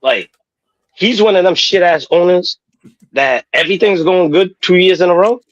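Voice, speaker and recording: A man co-hosting a casual sports talk show, profane and animated, who keeps saying "know what I mean.". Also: high-pitched, moderate pace, muffled recording. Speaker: podcast co-host.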